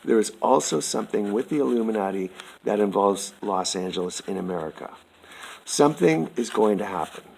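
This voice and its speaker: Man, low husky voice, reads a formal statement slowly and earnestly. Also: lively intonation, darkish tone, low-quality recording. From Canada. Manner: slow, formal and earnest, addressing the listener as sir. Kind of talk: reading a prepared statement aloud.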